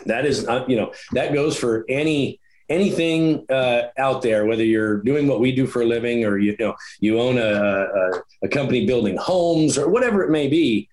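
A man's voice: mid-range voice, normal speed, a little mellow. Folksy middle-aged man hosting a podcast. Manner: folksy, joking, fillers. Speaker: podcast host. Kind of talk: casual podcast chat.

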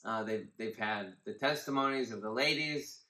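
A man's voice: fairly low pitch, normal speed, pushed and bright, echoey room, poor audio. A man who is a pastor, giving a casual devotional Bible teaching in a conversational way, rambling with fillers and restarts.

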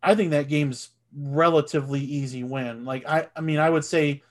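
A man in his thirties co-hosting a casual sports podcast, animated and swearing, and he gets loud when excited. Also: fairly high pitch, normal speed. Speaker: podcast co-host.

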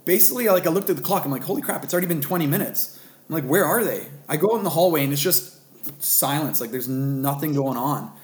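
A man in his thirties telling a story casually, acting out the dialogue with lively laughs. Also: a little high, fast talker, reverberant. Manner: animated, acts out dialogue, self-deprecating laughs. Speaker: guest telling a birth story.

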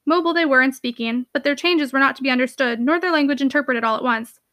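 A woman narrating a classic novel aloud with a brisk, expressive reading. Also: high-pitched, dry recording, clean studio sound. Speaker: audiobook narrator.

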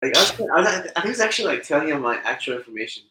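A man's voice: fairly high pitch, sing-song, rapid-fire, bright, forceful tone, echoey room, rough recording. A young man telling a loose, swearing story in casual chat with friends. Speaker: podcast co-host.

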